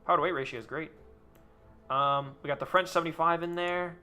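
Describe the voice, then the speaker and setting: A man's voice: on the high side, steady tone, fairly quick, sharp tone, smooth, faint music behind. A young man casually commenting on a game he is live streaming, bantering and joking with his chat and swearing freely.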